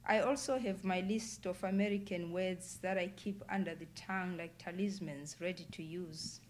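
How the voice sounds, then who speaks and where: A woman author reading her own novel aloud at an indoor public event, in a measured, deliberate way. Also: lowish voice, steady tone, slight background noise. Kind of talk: literary reading.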